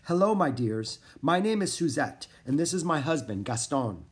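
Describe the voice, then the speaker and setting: A gentle, motherly French farm woman speaks softly and warmly to children, as a man reading the story puts her on. A kindly storybook figure. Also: a little high, big pitch swings, moderate pace.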